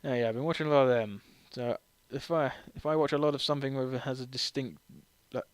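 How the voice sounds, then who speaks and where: A man's voice: mid-range voice, fairly even intonation, quick pace, dry recording. Brief: man, slightly drunk, self-mocking game streamer, dry close sound. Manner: rambling, self-deprecating, laughs often. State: tipsy. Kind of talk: casual let's-play commentary.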